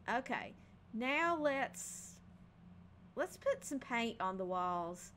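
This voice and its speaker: A woman's voice: fairly high pitch, expressive, slow, a bit bright, slight background noise. A woman casually narrating her home build in a game, thinking aloud with frequent ums and hesitations. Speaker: game building video creator.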